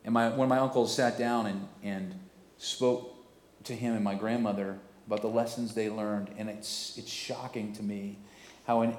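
Pastor, male, 40s, mid-range voice, sermon with emphatic swells, reverberant church room. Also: medium pitch. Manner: preaching with swells into loud emphatic passages. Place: church sanctuary.

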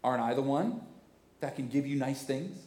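A man with a hoarse voice playing a sulking, self-pitying king who whines that no one cares about him. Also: mid-range voice, normal speed, close to an everyday voice. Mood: whiny. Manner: whiny, petulant, loud. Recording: echoey church hall.

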